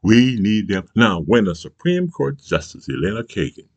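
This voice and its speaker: A man hosting his own channel, delivering a profane, angry political rant, bursting into shouts and asking "you understand?" again and again. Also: lowish voice, very animated, moderate pace, no echo, highs cut off. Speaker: channel host.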